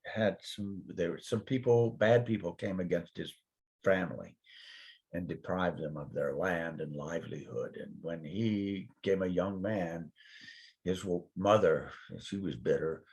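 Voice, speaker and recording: In a relaxed spiritual conversation, an older guest minister rambles through lively stories, doing put-on voices for the people he quotes. His low, husky voice is a little slow, and the recording sounds muffled.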